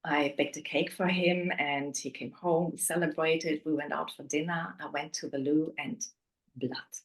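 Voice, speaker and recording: A woman interviewed as a guest, candidly telling a painful personal story, often dropping to a hushed voice. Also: low voice, fairly even intonation, normal speed, low-quality recording.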